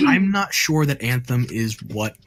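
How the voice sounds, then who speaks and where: A man's voice: mid-range voice, huge pitch swings, takes it slowly, a bit bright. A man co-hosting a casual podcast, dry and sardonic, with firm opinions. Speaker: podcast co-host. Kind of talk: casual chat.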